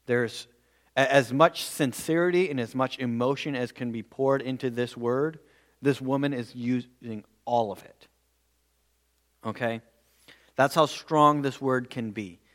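A man preaching a verse-by-verse sermon in an earnest way, often repeating words as he goes. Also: mid-range voice. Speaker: pastor.

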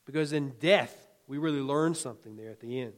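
Speaking a little fast at medium pitch, a male pastor gives a homey, conversational sermon. His delivery alternates between loud emphasis and soft asides, punctuated by chuckles.

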